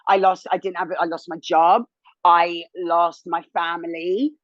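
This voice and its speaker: A woman in her thirties, a TV presenter, telling her own story as an interview guest in a candid, animated way, rising high when indignant. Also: measured pace, no room sound, dull audio. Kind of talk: emotional personal testimony.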